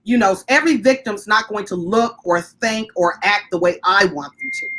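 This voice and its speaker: Woman guest, mid-range voice, articulate, reasoned, measured, video call. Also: mid-range voice, wildly swooping pitch, fairly bright tone, a little hiss or hum. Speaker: guest activist. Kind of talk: discussion.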